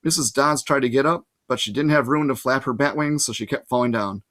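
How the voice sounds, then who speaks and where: A man's voice: medium pitch, fairly quick, fairly bright tone. A man, possibly a teacher, reading a novel aloud to his listeners in plain first-person narration with casual asides. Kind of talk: storybook read-aloud.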